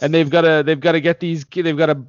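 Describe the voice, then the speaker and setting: Male podcast co-host, casual, laughs a lot, slightly high voice, dull dry recording. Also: fast, clear, resonant tone, no room sound. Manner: laughs often, animated. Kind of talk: casual chat.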